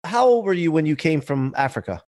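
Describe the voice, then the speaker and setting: Casual male interview host, chatty, tags lines with "right?", a touch high. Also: sing-song, a little fast, a little mellow. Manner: conversational, often asks "right?". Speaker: podcast host.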